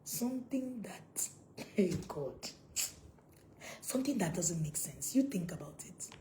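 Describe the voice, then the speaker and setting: A woman's voice: lowish voice, sing-song, unhurried, dark tone, a little hiss or hum, low-quality recording. A woman giving a live parenting talk, emphatic and repeating her questions to viewers. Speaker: parenting coach.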